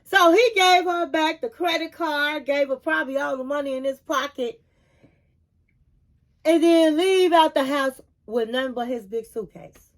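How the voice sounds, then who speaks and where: Woman host, sassy recap commentator, high-pitched and chatty. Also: a little slow. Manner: sassy and chatty, calls listeners honey and kings and queens. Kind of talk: casual reality-show recap.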